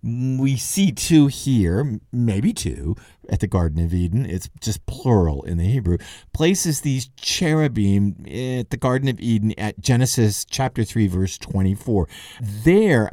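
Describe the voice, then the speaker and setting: A man's voice: mid-range voice, expressive, a little slow, dark tone, dry recording, studio quality. A man hosting a podcast, giving a conversational literary lecture, thinking aloud with occasional chuckles. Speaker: podcast host and lecturer on Dante.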